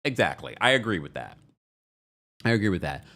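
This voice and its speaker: A man's voice: low voice, big pitch swings, a little fast, pushed and bright. A man hosting a live reality-TV recap in a casual, chatty way, often laughing and repeating himself. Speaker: recap show host.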